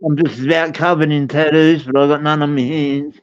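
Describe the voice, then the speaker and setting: A man's voice: on the high side, flat delivery, normal speed, clean tone, dull audio. A man chatting casually, laid-back, mostly giving short replies. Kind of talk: casual chat.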